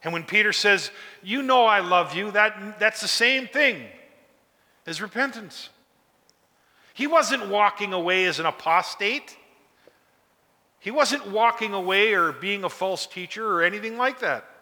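A man's voice: sits high, expressive, unhurried, pauses often, bright, forceful tone. A man preaching a sermon, urging his listeners on with emphatic, repeated calls. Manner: emphatic, repetitive exhortation. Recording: long hall reverb.

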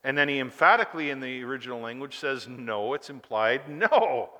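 A male preacher delivering a sermon, emphatic and full of rhetorical questions, swinging between loud and hushed delivery in a church. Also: mid-range voice, a little fast, in a large hall.

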